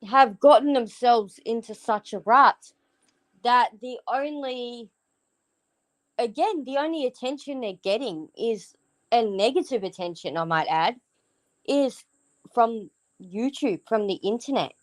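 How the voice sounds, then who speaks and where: An Australian woman chatting frankly on her livestream, drifting off topic and cursing without a second thought. Her voice sits a little high and she takes her time with every phrase. The sound is close and dry, with no room around it. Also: expressive, unhurried, dry recording, low-quality recording. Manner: frank, rambling, swears freely. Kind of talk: casual livestream chat.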